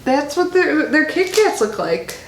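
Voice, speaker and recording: A chatty woman with a high, bright voice reads snack labels aloud and chats between bites in a casual unboxing vlog. Her voice bounces around an echoey room with faint background noise. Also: sing-song, unhurried. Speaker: subscription box reviewer. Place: home in Florida.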